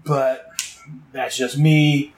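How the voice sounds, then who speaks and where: A man hosts a laid-back comic review, walking page by page with rambling asides and fillers. His voice sits at an ordinary middle pitch. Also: little pitch movement, very slow, darkish tone, low-quality recording. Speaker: comic book podcast host.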